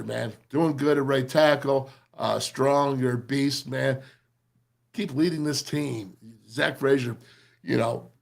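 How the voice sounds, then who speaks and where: A man hosting a sports talk show, rallying his team in an emphatic, repetitive way. His voice is gravelly and a little husky, pitched a touch above most men. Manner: emphatic, repetitive, keeps calling listeners man and brother. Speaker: sports radio host. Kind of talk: fired-up sports talk monologue.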